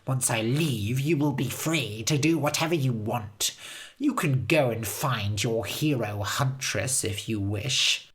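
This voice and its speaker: A woman's voice: very deep voice, slow pace, voice pushed down. A woman voicing a cruel, scheming old female witch in a storybook reading, speaking in a cold, commanding and scornful way.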